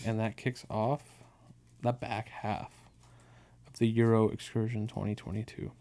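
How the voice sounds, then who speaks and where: A man's voice: fairly low pitch, level tone, unhurried, dark tone. A young man co-hosting a podcast in casual chat, laid-back and rambling, swearing freely as he recounts things. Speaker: podcast co-host.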